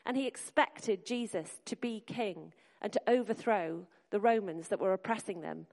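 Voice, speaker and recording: A woman's voice: mid-range voice, moderate pace, creaky, a little mellow. A woman preaching a sermon to a congregation in an earnest, encouraging way, speaking directly to the listeners. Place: church hall. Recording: long hall reverb.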